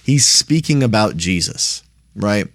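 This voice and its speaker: A man's voice: on the low side, animated, measured pace, a bit bright, dry recording, studio quality. A man teaching a Bible study in a plain, conversational way, often checking in with "right?".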